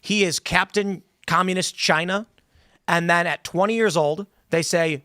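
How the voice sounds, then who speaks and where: A man hosting a panel talk show, laying out a long hypothetical scenario with animated delivery. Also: sits high, measured pace, no echo, studio quality. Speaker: show host.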